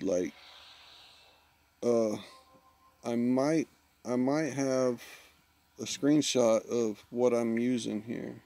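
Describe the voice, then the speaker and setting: A man with a medium-pitched, dark-toned voice chats casually with viewers while live-streaming a mobile game. He is laid-back and talkative, teasing himself along the way.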